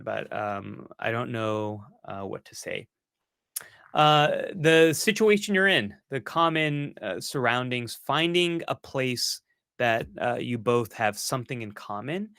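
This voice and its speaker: A man's voice: mid-range voice, bright, forceful tone, dry recording, studio quality. A man hosting a live-stream Q&A, answering viewer questions in an earnest, encouraging way with self-mocking asides.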